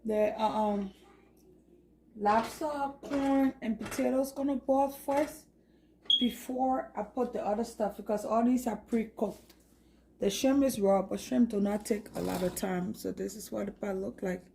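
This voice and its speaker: Slow-talking woman cooking. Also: medium pitch, fairly even intonation, gravelly, a little mellow, slight background noise. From Liberia. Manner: chatty, narrates each step while cooking. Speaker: cooking vlogger. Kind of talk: casual cooking chat.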